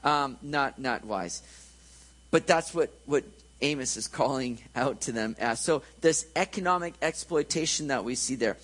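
A man's voice: medium pitch, unhurried, a bit bright, low-quality recording. Conversational male preacher. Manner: conversational, joking, checks in with listeners. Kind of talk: sermon.

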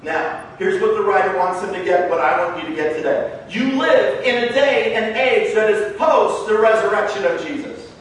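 A man's voice: sits high, lively intonation, moderate pace, hardly any pauses, slight background noise. A man preaching a sermon in a church, emphatic and conversational. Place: church sanctuary. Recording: echoey room heard from a distance.

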